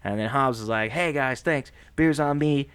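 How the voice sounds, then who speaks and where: A man co-hosting a podcast, recapping a movie plot in a casual, animated way, laughing often and slipping into voices for the characters. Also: medium pitch, moderate pace, clear, resonant tone, no echo. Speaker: podcast co-host.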